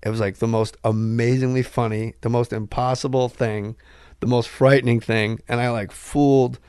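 A man who is a podcast guest, telling comic stories in a loud, excitable way and acting out sounds and quotes. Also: mid-range voice, moderate pace, clean tone, no room sound, studio quality. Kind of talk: animated comic storytelling.

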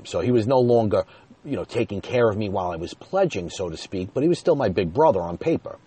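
A man with a low, husky, mellow voice tells a personal story straight to his viewers. His delivery is chatty and casual, with a chuckle slipping in here and there. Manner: chatty, addresses viewers directly, chuckles while telling.

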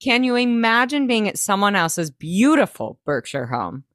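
A woman's voice: mid-range voice, sing-song, normal speed, fairly bright tone, no room sound, clean studio sound. A woman co-hosting a podcast, recapping a reality show in casual chat and acting out quotes in mocking voices. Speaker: podcast co-host.

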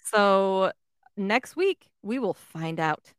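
Excited woman co-hosting a podcast. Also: mid-range voice, drawn-out words, clear, resonant tone, dry recording, clean studio sound. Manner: enthusiastic, swears, lots of "like". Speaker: podcast co-host. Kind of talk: casual chat.

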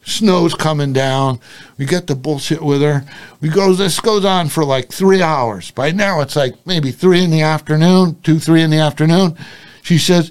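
An older man, a retired private investigator, telling a story as a podcast guest in a casual, profane, animated way. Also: fairly high pitch, normal speed, clear, resonant tone. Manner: animated, profane, acts out quoted dialogue.

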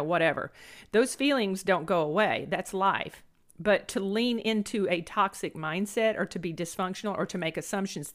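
Earnest woman hosting a motivational podcast. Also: medium pitch. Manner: earnest, repeats phrases for emphasis. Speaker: podcast host. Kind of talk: motivational monologue.

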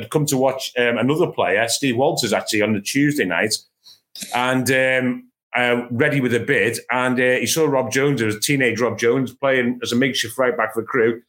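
A middle-aged man from England, a podcast co-host telling football anecdotes in a lively, stumbling chat. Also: medium pitch. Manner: anecdotal, animated, lots of restarts. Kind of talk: casual chat, storytelling.

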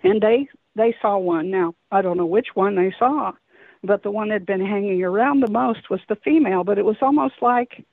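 It's a phone-in story: a woman with a mid-range, gravelly voice speaking at normal speed describes an encounter in a long, hesitant, rambling way, restarting often. The tinny phone line is dry, with no room sound.

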